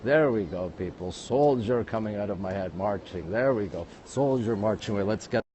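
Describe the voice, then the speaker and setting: A man's voice: fairly low pitch, lively intonation, normal speed, darkish tone, a little hiss or hum. A man giving a chatty live-streamed walking tour outdoors at a historic castle, greeting viewers and repeating himself, speaking into a handheld phone. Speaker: livestream tour guide. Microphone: phone held while walking.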